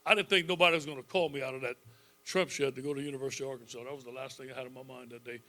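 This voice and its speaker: A football coach in his fifties gives a speech to a club audience, spinning folksy, animated stories and chuckling often. His mid-range voice moves very fast.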